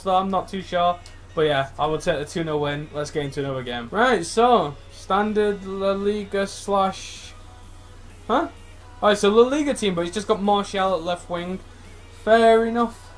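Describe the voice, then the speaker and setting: Excitable young man commentating gameplay. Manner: excitable, shouts and groans at players, jumps high when excited. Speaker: gaming YouTuber.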